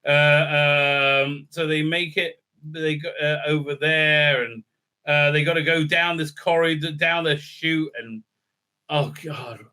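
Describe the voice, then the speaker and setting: A man's voice: a little high, steady tone, takes it slowly, pushed and bright. A man giving a sarcastic, profane recap review full of fillers and restarts. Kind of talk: casual ranting recap.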